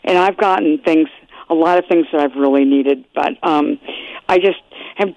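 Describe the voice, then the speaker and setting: A woman calling in to a radio show, speaking hesitantly with many pauses. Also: low voice, vocal fry, a little mellow, dry recording. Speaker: caller. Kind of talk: casual phone-in chat. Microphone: telephone. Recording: dull phone line.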